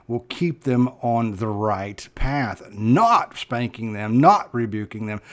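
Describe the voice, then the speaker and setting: A man preaching a sermon as pastor, talking earnestly, pressing points with sudden loud stresses and then dropping low and soft.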